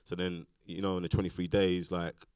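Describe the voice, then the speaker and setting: A British man with a very low voice talks fast and loosely, filling his sentences with fillers and restarts. He is a guest in a casual onstage conversation, and the sound is close and dry. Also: level tone, a little mellow, clean tone, dry recording. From Britain. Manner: rambling, lots of fillers and restarts. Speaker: actor, interview guest. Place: festival stage talk.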